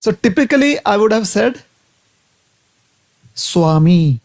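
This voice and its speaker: Guy giving a devotional talk, high voice with lots of gravel, slow and deliberate, keeps asking isn't it. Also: a little mellow, dry recording. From India. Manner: deliberate, with rhetorical tag questions. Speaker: devotional speaker.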